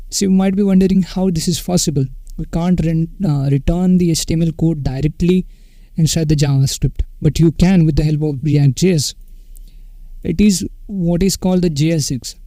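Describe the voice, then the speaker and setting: A man walks through a coding tutorial off the cuff, trailing into fillers and correcting himself mid-sentence. His voice sits a little high yet sounds very dark and mellow, recorded close and dry with no room sound. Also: dry recording, rough recording. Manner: unscripted, many fillers and self-corrections, says "okay" often.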